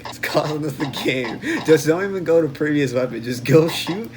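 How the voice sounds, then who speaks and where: A man's voice: fairly high pitch, expressive, normal speed, crowd noise. A young man co-hosting a casual gameplay video with his sister, coaching her and complaining when she kills him. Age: young adult. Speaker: gaming channel co-host. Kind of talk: casual sibling gameplay banter. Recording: loud background music.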